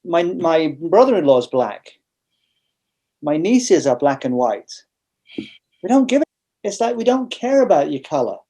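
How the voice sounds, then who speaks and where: A man's voice: fairly high pitch, very animated, unhurried, pauses often, warm tone. A man with an English accent, a guest in a casual interview, telling stories bluntly with frequent restarts. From England.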